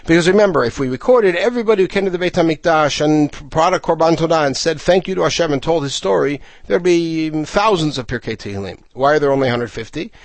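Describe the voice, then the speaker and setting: A man teaching a lesson on a psalm, reading Hebrew verses and then translating and explaining them in a measured way. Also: a little high, animated, dry recording. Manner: measured, slowing for emphasis on key phrases. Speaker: Bible teacher. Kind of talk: lecture on a psalm.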